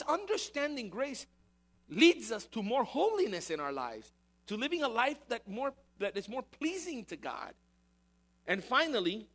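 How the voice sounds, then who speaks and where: A man's voice: very high voice, fairly bright tone. A man preaching a sermon, emphatic and repetitive, posing rhetorical questions to the congregation. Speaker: pastor.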